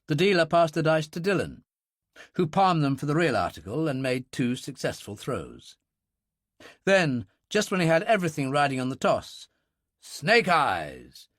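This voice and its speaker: A man narrating a thriller audiobook in a brisk, expressive storytelling manner. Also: on the high side, dry recording, clean studio sound.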